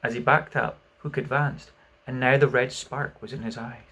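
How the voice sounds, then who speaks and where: Expressive male audiobook narrator. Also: mid-range voice, normal speed, slightly rough. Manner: expressive storytelling, drops quiet for narration. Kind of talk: audiobook reading.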